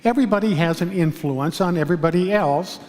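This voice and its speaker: Man preaching calmly in a reverberant hall. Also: sits high. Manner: calm, measured storytelling with pauses. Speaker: pastor. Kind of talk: sermon. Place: large church sanctuary.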